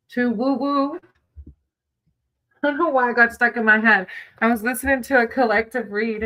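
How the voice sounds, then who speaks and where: A woman's voice: on the high side, bright, forceful tone, low-quality recording. A woman chatting casually with viewers on a livestream, greeting them by name and reading tarot cards.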